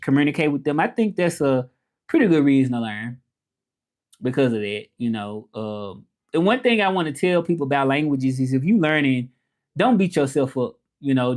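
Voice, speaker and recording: Chatty man live-streaming to viewers. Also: on the high side. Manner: rambling, chatty, greets viewers by name and tries out French phrases. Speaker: livestreamer.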